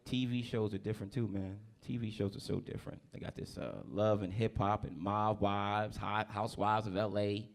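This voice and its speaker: A man's voice: on the low side, flat delivery, moderate pace, gravelly, hardly any pauses. A man in his thirties from New Jersey doing a stand-up set in a comedy club, brash and profane, working the crowd.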